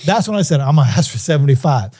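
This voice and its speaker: Animated man telling a business story. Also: fairly high pitch, racing. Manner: animated, acts out phone calls in voices. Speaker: music producer, interview guest. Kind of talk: storytelling interview.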